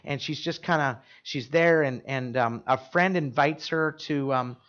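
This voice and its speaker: A man's voice: medium pitch, measured pace, fairly bright tone, highs cut off. A man preaching a sermon, telling stories in an earnest, emphatic way with frequent restarts. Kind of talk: sermon storytelling.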